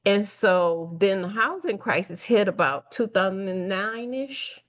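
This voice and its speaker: Speaking at a measured pace in a medium-pitched voice, this interview guest recounts her own story conversationally. She is a middle-aged nonprofit founder and speaker from Detroit who brings quoted dialogue to life with animated voices and laughs readily.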